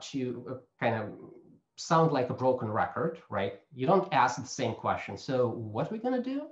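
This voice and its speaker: A man lectures on coaching in a lively, up-and-down voice, checking in with listeners by tagging points with "right?". The sound is roomy and a bit dull, as if recorded lo-fi in an open room. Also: on the high side. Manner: explanatory, tags points with "right?". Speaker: coaching instructor. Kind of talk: webinar lecture.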